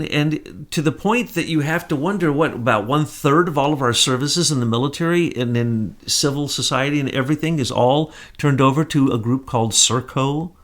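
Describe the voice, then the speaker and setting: A man hosting an online commentary show, talking casually and emphatically to viewers with rambling asides. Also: mid-range voice.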